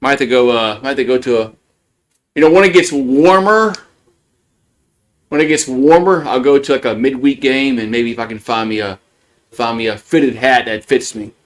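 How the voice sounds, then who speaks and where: A man doing casual live play-by-play, rambling between pitches, repeating words and chuckling often. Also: normal speed.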